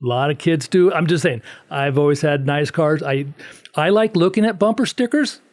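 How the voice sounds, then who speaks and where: Middle aged guy on a podcast telling a story, acts out quotes, kinda high voice. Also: moderate pace. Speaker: podcast guest. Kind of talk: casual storytelling.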